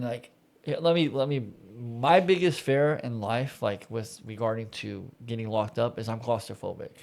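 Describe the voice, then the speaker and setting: A man's voice: medium pitch, a little mellow. A man co-hosting a podcast, telling a personal story in casual chat with lots of "dude" and "like". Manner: storytelling, heavy use of "dude" and "like". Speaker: podcast co-host.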